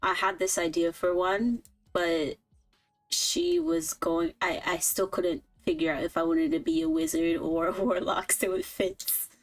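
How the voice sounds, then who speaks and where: A woman's voice: lowish voice, very animated, a little slow, soft background music, poor audio. A woman co-hosting an improv stream, chatting casually and giggling now and then. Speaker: improv co-host. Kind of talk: casual chat.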